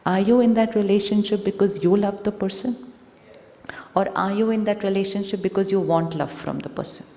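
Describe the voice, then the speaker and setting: A woman's voice: medium pitch, brisk, dark tone. A woman with an Indian English accent gives an inspirational talk to a live audience, asking them questions and switching into Hindi. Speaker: spiritual speaker. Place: large conference hall. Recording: echoey hall with long reverb.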